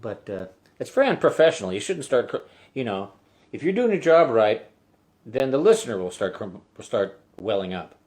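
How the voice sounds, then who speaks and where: A man's voice: medium pitch, sing-song, normal speed, darkish tone. A man hosting his own live-streamed acoustic set, singing songs and chatting loosely and candidly between them, swearing casually. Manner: singing with a guitar. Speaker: singer-songwriter hosting a weekly live stream. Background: his own acoustic guitar.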